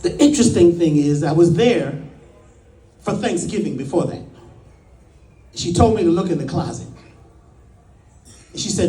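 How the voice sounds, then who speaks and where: High, lively man in an echoey room. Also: far from the mic. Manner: folksy, dramatic, drawn-out pauses. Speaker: spiritual speaker. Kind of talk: personal storytelling talk. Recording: echoey room, away from the mic.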